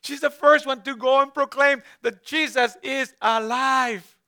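A man's voice: very high-pitched, steady tone, a little slow, sharp tone. A man preaching a conversational sermon, asking his listeners rhetorical questions and addressing some of them by name.

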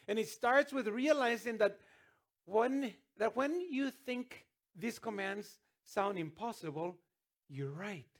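A man's voice: sits high, expressive, slow pace. A man preaching a sermon as pastor, earnest, with restarts and sudden emphatic rises.

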